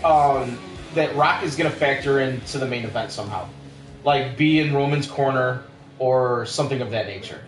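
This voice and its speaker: A man from the US Midwest co-hosting a casual wrestling podcast, giggly and animated in his teasing. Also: medium pitch, moderate pace. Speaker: podcast co-host. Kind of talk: casual chat. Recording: echoey room, faint music.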